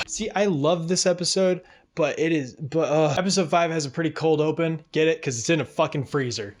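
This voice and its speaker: A man's voice: on the high side, normal speed. A man giving a comedic, sarcastic show recap, full of swearing and joking asides. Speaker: video show host.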